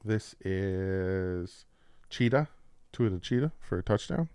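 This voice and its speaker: A man with a New Jersey accent casually breaking down football practice clips as a channel host, explaining plays with excitement. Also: sits low, slow, clear, resonant tone, dry recording. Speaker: sports commentator.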